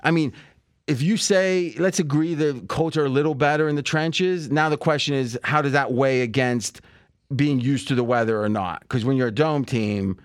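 A man's voice: mid-range voice, normal speed, smooth, dry recording. A man talks through football picks in a loose, rambling way, often stopping to restart his thoughts. His voice sits in a middle register. The sound is dry and close to the mic. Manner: rambling, thinks aloud with many fillers and restarts. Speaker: podcast host. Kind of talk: casual sports betting chat.

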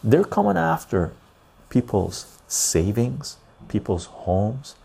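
A man with a gravelly, husky voice rants through a casual podcast stream. He swears freely and keeps checking in with a "right?" His pitch swings widely, and the tone stays dark and mellow. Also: sing-song, takes it slowly. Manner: ranting, profane, keeps asking "right?". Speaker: podcast host. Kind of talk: casual live-stream rant.

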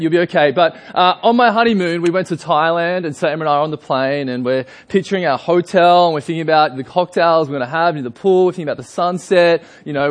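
A young man with an Australian accent delivers a sermon as if chatting with friends, full of fillers and asides. His voice sits a little high for a man. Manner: chatty storytelling with frequent fillers. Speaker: preacher.

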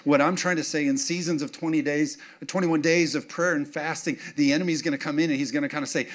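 A man's voice: on the high side, quick pace, few pauses. Humorous preaching man. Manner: humorous, self-mocking storytelling; animated, asks congregation for response. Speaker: pastor. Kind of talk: sermon.

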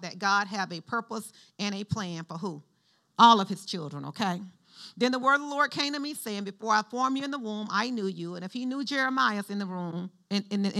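A woman pastor preaching a sermon in a conversational style, calling out prompts for the congregation to answer. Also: medium pitch. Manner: lively call-and-response with the congregation; conversational, shifts between preaching and chatty asides.

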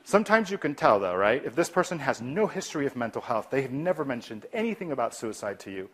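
A man giving an instructional talk on de-escalation as a clinician, lively and often dropping to a soft, calm voice to act out replies. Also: mid-range voice, fast.

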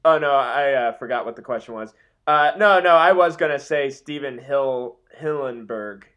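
A young man co-hosting a casual podcast chat, joking and rambling through quick asides. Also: medium pitch, a bit bright. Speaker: podcast co-host.

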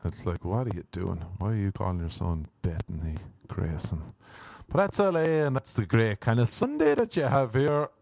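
Brief: low-pitched man with a dry, close sound, riffing wry and self-mocking in a loose comic monologue. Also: animated, normal speed, gravelly, darkish tone, dry recording. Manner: self-deprecating, wry, switches into mock voices.

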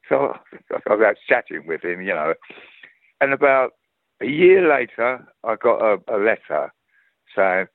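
Older Cockney man, gravelly and lively. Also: fairly low pitch, a little fast, no echo, phone-quality sound. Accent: Cockney London. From London, England. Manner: rambling storyteller, lively, restarts often. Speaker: guest actor. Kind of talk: casual anecdotal chat.

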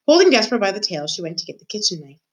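A woman teacher reading a children's book aloud to her class, warm and expressive in her storytelling. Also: mid-range voice, very fast, low-quality recording.

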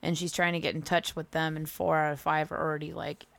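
A woman co-hosting a podcast, chatty and quick to chime in. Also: low voice, flat delivery, vocal fry, a bit bright, no echo. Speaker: podcast co-host. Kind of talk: casual chat.

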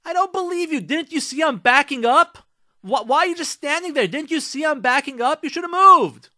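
A man voicing an enraged male driver who shouts accusations at another motorist. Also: very high voice, lively intonation, fairly quick, no echo, studio quality, voice pushed up, exaggerated voice. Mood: indignant.

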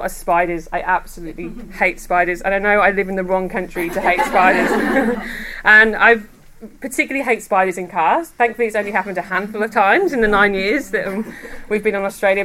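A woman giving a devotional talk to a women's group, chatty and quick to laugh as she tells personal stories. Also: medium pitch, fairly bright tone, a little hiss or hum. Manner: chatty, laughs often while telling stories. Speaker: women's ministry speaker. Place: room with a gathered group.

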